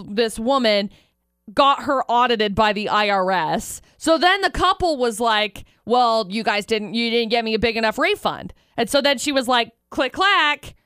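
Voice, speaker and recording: A woman's voice: fairly high pitch, fairly bright tone, clear, resonant tone, dry recording, studio quality. A woman co-hosting a casual chat show, reading out odd news stories with a playful, laughing delivery. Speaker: co-host.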